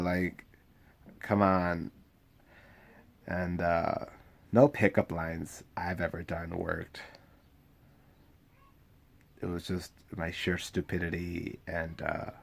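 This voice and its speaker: A man's voice: sits low, creaky, fairly bright tone. Rambling, foul-mouthed young man. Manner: rambling, profane, loses his train of thought. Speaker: vlogger. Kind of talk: casual rambling monologue.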